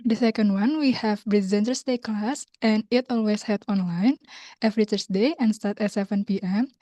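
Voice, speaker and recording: Mellow young Indonesian woman hosting. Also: mid-range voice, fairly even intonation, dry recording. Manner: unhurried, with hesitant learner phrasing. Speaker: community host. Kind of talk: online class announcements. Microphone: video call.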